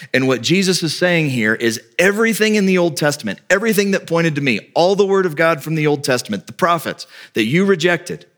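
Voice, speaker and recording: A male pastor preaching a sermon with lively delivery, often acting out quoted speakers in a raised voice. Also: mid-range voice.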